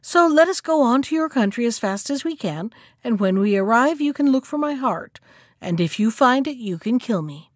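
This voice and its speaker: A woman voicing a clever male monkey who talks with breezy, mocking calm in a storybook reading. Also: a little high, moderate pace, no echo, studio quality.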